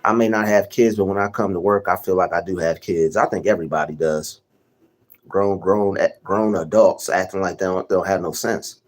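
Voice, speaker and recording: A young man hosting a casual livestream, rambling and giving shout-outs to chatters by name. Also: low voice, steady tone, normal speed, a little hiss or hum. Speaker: livestream host.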